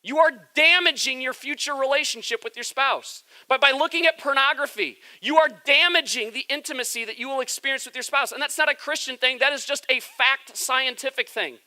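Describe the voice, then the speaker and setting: A pastor preaching a sermon in a bright, forward voice. The delivery is candid and confessional, openly admitting personal struggles to the congregation. The tone stays conversational. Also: high-pitched, a little fast, few pauses.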